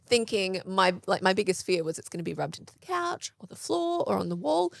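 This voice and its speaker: A woman in her thirties co-hosting a parenting podcast, telling stories in a casual, animated way and acting out the quoted lines. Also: medium pitch, brisk, gravelly, few pauses, no room sound. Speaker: podcast co-host. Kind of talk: casual chat.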